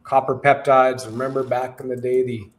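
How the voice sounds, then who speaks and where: A man hosting a talk show in casual chat, loose and friendly with quick asides. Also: medium pitch, level tone. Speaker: host.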